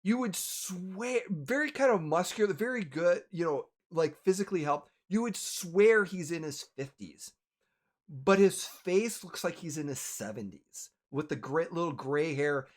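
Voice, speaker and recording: Animated, rambling game master. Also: male voice, on the high side, measured pace. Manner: rambling, self-correcting narration. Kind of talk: narrating a tabletop game.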